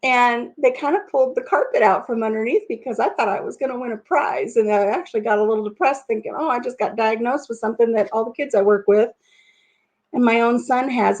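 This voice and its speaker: A woman's voice: fairly high pitch, a little fast, a little mellow. Middle-aged woman, chatty host who wanders off topic, easygoing live-stream talk at home. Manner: rambling, goes off on tangents. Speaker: livestream host. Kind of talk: casual chat. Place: at home, painting a rock over coffee.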